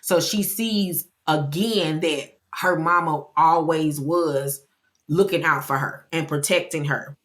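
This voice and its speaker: A woman with a low voice recaps a TV episode in loose, chatty talk. She is expressive and jumps into the characters' voices now and then. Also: slow. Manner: chatty and expressive, acting out quotes. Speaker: TV show recapper.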